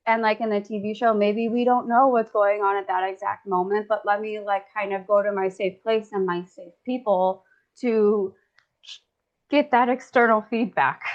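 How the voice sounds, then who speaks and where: A woman's voice: mid-range voice, steady tone, moderate pace, lo-fi sound. A woman chatting casually, rambling with many "like" fillers and laughing often. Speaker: guest discussant. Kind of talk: casual chat.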